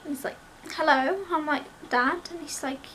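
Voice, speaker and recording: Young woman, high-pitched, excitable storyteller; light background noise. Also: fast talker. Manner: breathless, gushing, acts out quoted voices. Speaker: vlogger.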